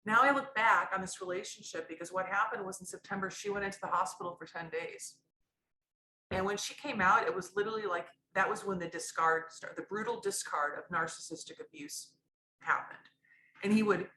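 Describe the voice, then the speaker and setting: A woman's voice: lowish voice, bright, forceful tone, reverberant, slight background noise, poor audio. A woman guest telling a raw personal story in a candid, rambling way, often restarting her sentences. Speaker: podcast guest.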